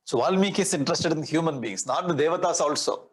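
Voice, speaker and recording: Husky Indian-accented swami teaching. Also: male voice, a little high, lively intonation, quick pace, rough recording. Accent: Indian English. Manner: explains verse by verse, repeating key words; recites Sanskrit verses. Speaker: swami giving a scripture discourse. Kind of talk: spiritual discourse.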